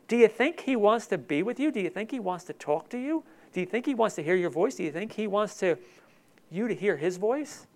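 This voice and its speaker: A man preaching a sermon with emotion, swinging between loud emphatic passages and soft hushed ones. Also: sits high, very animated, a little fast. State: tearful. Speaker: pastor.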